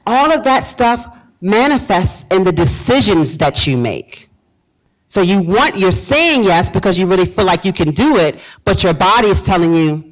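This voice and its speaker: A woman's voice: fairly low pitch, animated, moderate pace, low-quality recording. A woman from Virginia, a pastor giving a motivational talk to a live audience, repeating key phrases and quizzing the room. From Virginia, US South. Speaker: pastor and speaker.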